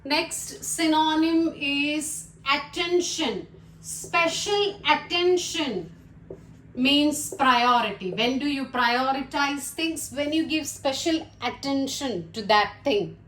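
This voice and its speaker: A woman teaching English vocabulary, listing words one by one in a slow, deliberate way. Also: high-pitched, fairly bright tone, slight background noise. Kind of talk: vocabulary lesson. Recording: echoey room.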